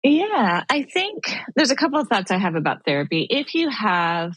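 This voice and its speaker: A woman guest in a casual faith-based conversation, animated and acting out her own inner thoughts. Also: fairly high pitch, normal speed, breathy edge, dry recording. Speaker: podcast guest.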